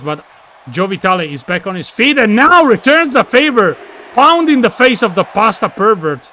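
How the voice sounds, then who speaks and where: A man calling a video game wrestling match with excitable, yelling play-by-play and slips in English grammar. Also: high voice, moderate pace, slight background noise. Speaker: commentator and wrestler persona.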